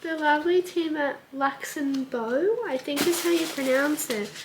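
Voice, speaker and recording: Chatty young woman vlogging, bit high. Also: unhurried, creaky, noisy background. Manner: chatty, upbeat and gushing. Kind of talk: casual vlog chat. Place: outdoors in a park, then at home.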